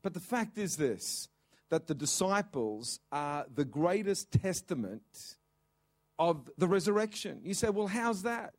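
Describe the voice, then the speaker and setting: Aussie pastor guy, high voice, loud and jokey then settles into chatty storytelling. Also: sing-song, measured pace. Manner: exuberant, joking, shouts acclamations then drops to a lower conversational tone. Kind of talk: Easter sermon.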